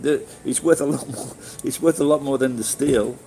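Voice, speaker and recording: A man's voice: medium pitch, moderate pace, mellow, slight background noise, low-quality recording. A middle-aged man with a Sheffield accent, live-streaming and chatting casually with viewers in a rambling, swearing way with many restarts. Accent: Sheffield English. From England.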